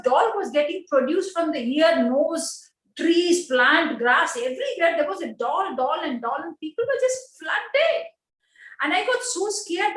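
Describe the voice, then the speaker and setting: A woman with a high voice tells a personal story in simple non-native English. She acts out the voices of the people in her anecdotes. The sound is roomy and echoey. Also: a bit bright. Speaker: speaker at an online panel. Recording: echoey room.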